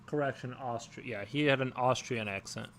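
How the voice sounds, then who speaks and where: A man's voice: mid-range voice, normal speed, creaky, a bit bright, a little hiss or hum. A man hosting a casual livestream, chatting and reading out viewer comments in a rambling, unsure way. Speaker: livestream host. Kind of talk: casual chat while sketching.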